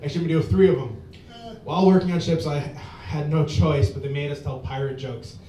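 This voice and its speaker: A man tells a rambling stand-up story at an open mic, stopping often on fillers and restarts. His voice sits a little high and sounds mellow. He is heard from across an echoey bar, with a faint rumble behind him. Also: steady tone, fairly quick, recorded from a distance. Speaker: stand-up comedian.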